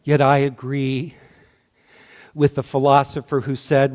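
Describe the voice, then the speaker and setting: A man delivering a sermon as minister, slow and measured, his voice often dropping to a hush at the ends of lines. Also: mid-range voice, little pitch movement, in a large hall. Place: church sanctuary.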